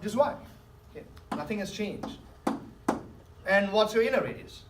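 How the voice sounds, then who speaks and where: A man's voice: high voice, expressive, moderate pace. Male math teacher coaching the class, distant mic, roomy echo, faint hiss. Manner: coaxing, keeps checking understanding. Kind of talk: classroom lecture with questions to students.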